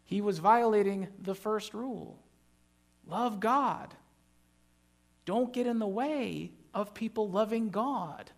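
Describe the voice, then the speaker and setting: High, gravelly-voiced man preaching a sermon. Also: takes it slowly. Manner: emphatic, builds to loud animated bursts, jokes with the congregation. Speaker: pastor. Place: church.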